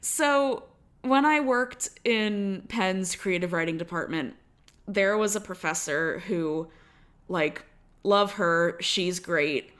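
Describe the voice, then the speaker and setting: A young adult woman co-hosts a podcast, telling stories in a chatty, casual way packed with "like" fillers. Her voice is fairly low in pitch with a fairly bright tone, and she speaks slowly.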